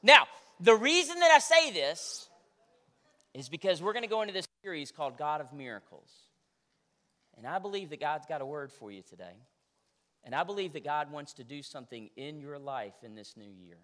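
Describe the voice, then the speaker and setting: A man preaching a sermon, energetic and leading the congregation in call-and-response. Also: a little high, normal speed. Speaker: pastor.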